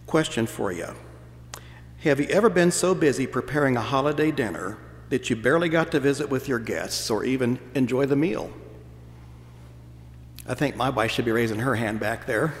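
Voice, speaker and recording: A man preaching a sermon as pastor, telling stories in a folksy, playful way to his congregation. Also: medium pitch. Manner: folksy storytelling with playful voices. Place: church sanctuary. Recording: church hall reverb.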